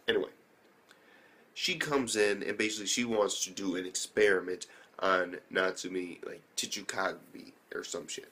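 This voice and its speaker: A man's voice: on the low side, normal speed, fairly bright tone, husky. A young man casually recapping an anime episode, rambling with slang, swearing and many fillers. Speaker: anime reviewer.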